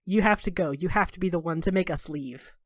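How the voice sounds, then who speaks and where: A protective male spirit speaks calmly and steadily, urging someone to leave, as a woman puts him on. The voice sits a touch low and sounds dry and close. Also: a little fast, dry recording, natural voice. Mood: urgent.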